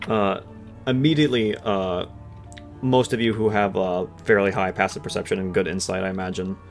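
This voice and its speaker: A man's voice: sits low, steady tone, normal speed, creaky. A man narrating a tabletop roleplaying game as game master, casual and descriptive. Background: soft background music.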